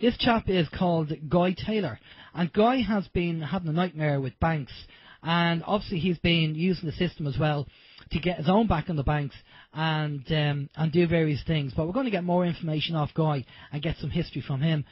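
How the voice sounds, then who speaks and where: A man's voice: a little high, normal speed, husky, no echo. Chatty Irish man hosting radio. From Ireland. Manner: chatty, rambling, many fillers. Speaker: radio show host. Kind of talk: casual radio talk. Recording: dull lo-fi internet radio.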